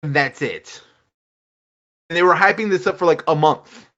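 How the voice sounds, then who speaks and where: A man co-hosting a casual gaming podcast, rambling and animated, acting out quotes as he talks. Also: a little high, normal speed. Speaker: podcast co-host. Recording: dull lo-fi audio.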